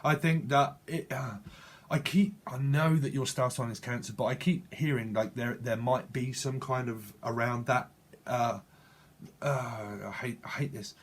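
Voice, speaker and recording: A man's voice: mid-range voice, fairly even intonation, unhurried, breathy edge. A man giving a channeled tarot reading in a rambling, repetitive way, often correcting himself mid-word. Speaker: tarot reader.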